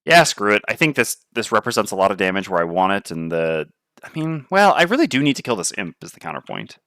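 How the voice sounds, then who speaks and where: Lively gravelly man thinking aloud. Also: lowish voice, quick pace, no room sound, clean studio sound. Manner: muttering, weighing options aloud. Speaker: board game player. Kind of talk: thinking aloud while playing a board game.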